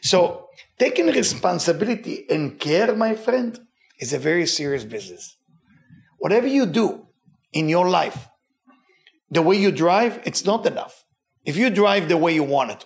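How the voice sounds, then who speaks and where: Animated man teaching a Torah lesson. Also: creaky. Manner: animated, with big pitch swings and emphatic repetition; speaks with a noticeable non-native accent.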